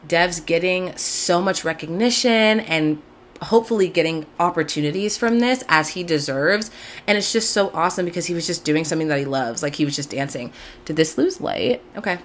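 Chatty low-voiced young woman. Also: animated, moderate pace, a bit bright, slight background noise. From Southern California. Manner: chatty, gushing, lots of "like". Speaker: podcast host. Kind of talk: casual chat to camera. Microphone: camera mic, video-call style.

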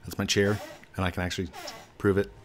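A young man hosting a game channel, reacting excitably and laughing often while he plays. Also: deep voice, fast. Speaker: gamer, channel host. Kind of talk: casual gameplay chat.

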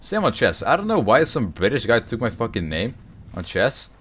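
A young man livestreaming a video game, chatting with viewers, swearing and reacting loudly to the game. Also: mid-range voice, sing-song, normal speed. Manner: profane, reacts loudly to the game, answers chat. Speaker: streamer. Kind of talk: casual gaming livestream chat.

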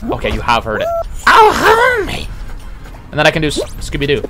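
A man streaming a platform game, talking casually in an excitable, boastful way with sudden yelps. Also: mid-range voice, racing, loud music behind the voice. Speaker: livestreamer. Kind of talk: casual gaming commentary.

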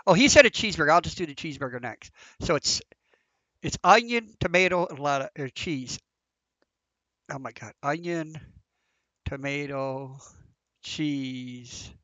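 A man's voice: on the high side, sharp tone, no echo. A man giving casual, flustered commentary while playing a game, thinking aloud as he goes. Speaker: gameplay commentator. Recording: dull, lo-fi, dry sound.

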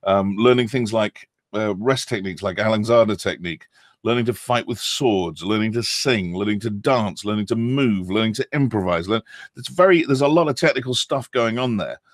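A man's voice: lowish voice, moderate pace, no room sound, studio quality. A middle-aged British man, a guest actor in a casual podcast interview, talking animatedly and slipping into playful accent demonstrations. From England.

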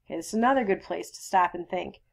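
A woman teacher reads a novel aloud to her class and breaks off to explain and quiz them. She talks in a relaxed, conversational way with a fairly low voice. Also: fast talker, vocal fry.

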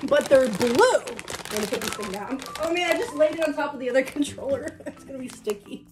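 A woman's voice: sits high, a little fast, a little hiss or hum. A woman hosting a casual taste-test show, chatty and giggly as she talks. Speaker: show host.

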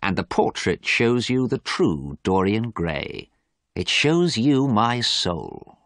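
A man reading a storybook, voicing a cruel, mocking young man who speaks slowly and hard. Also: lowish voice, wildly swooping pitch, fairly bright tone, dry recording, clean studio sound, pitched above the performer's own voice, heavily acted. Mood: cold, cruel.

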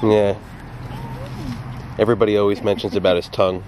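A man's voice: on the low side, flat delivery, brisk, a little mellow, a little hiss or hum. A man vlogging at an outdoor dog park, teasing his dog in casual, playful talk. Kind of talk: casual vlog narration.

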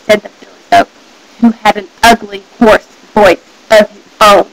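A woman's voice: medium pitch, little pitch movement, moderate pace, rough recording. A young woman, a student, reading a fairy tale aloud with careful storybook delivery. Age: young adult. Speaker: student reader.

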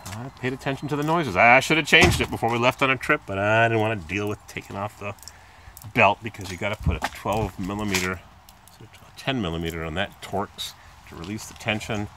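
A man's voice: expressive, a little fast, noisy background. A man talking casually while repairing his car, rambling and chatty, filming on a handheld phone. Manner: rambling, chatty, imitates squeaks in a high voice. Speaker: car repair video maker. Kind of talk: casual hands-on repair talk. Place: outdoors by a car in a driveway. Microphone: phone camera held in hand.

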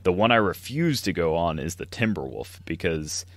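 A man's voice: sits low, big pitch swings, normal speed, a bit bright, no echo, studio quality. A man co-hosting a podcast, rambling through a casual story and laughing often. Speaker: podcast co-host. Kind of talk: casual chat.

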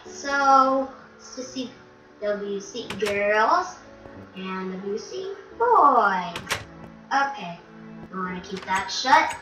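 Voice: mid-range voice, lively intonation, drawn-out words, pushed and bright. A young game vlogger giving a chatty, curious tour of a built world, musing aloud with ums and hmms. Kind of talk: casual gameplay tour commentary. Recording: roomy, distant, dull lo-fi mic with faint music.

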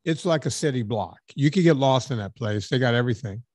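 A man's voice: mid-range voice, animated, fairly quick, a little mellow, dry recording. A middle-aged man hosting a podcast in casual chat, thinking aloud with restarts and fillers. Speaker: podcast host.

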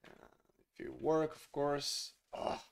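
A man, a solo game engine developer, ranting in exasperation about his code, swearing and bursting out loudly. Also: on the high side, completely flat delivery, slow, creaky, clean tone. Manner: exasperated and swearing, loud outbursts. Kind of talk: frustrated coding rant.

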